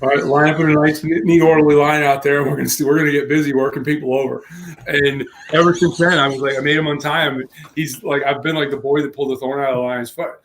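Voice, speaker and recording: A man co-hosting a casual tech podcast, telling a long story with lively acted-out quotes and frequent laughs. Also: a little high, quick pace, slight background noise. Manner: animated storyteller, acts out quotes, laughs often. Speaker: podcast co-host.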